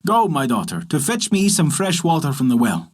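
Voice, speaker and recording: A man voicing a weary, grudging peasant father in a folk tale, giving gruff, resigned orders. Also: on the high side, huge pitch swings, normal speed.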